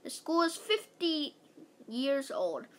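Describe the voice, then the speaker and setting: A woman's voice: on the high side, lively intonation, slow pace, fairly bright tone. Storybook read-aloud: an urgent, earnest male teacher, read by a woman. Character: earnest grown man, school teacher.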